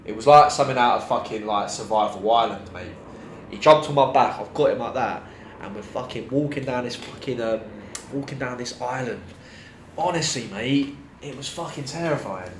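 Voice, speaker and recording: A young man tells a story in loose, animated podcast chat, peppered with swearing and slang. His voice sits at a middling pitch. The room is echoey, with a faint hiss of noise behind him. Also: normal speed. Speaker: podcast host. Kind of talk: casual chat. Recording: roomy echo, faint background noise.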